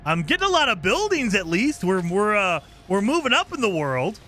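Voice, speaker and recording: A man's voice: high voice, sing-song, moderate pace, pushed and bright, a little hiss or hum. A man streaming a game, chatting casually with viewers in a joking, teasing way and laughing often. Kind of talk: casual live commentary while playing.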